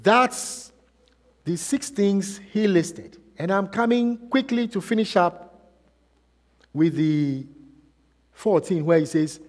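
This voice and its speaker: A man's voice: high-pitched, slow, pauses often. Preaching man in a reverberant church. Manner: preaching with rhetorical questions, swinging between loud and soft. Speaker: pastor. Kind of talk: sermon.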